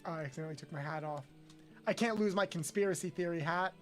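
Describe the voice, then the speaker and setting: A streamer chatting casually with chat during gameplay, given to loud, swearing outbursts. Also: mid-range voice, fast talker, faint music behind.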